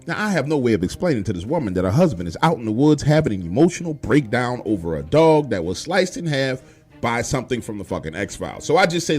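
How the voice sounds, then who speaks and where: A man is narrating a true horror story of his own in loose, profane street slang and keeps turning to talk straight to the listener. His pitch swings widely up and down as he tells it, and faint music plays underneath. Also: big pitch swings, fast talker, a little mellow, slightly rough. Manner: addresses listener directly.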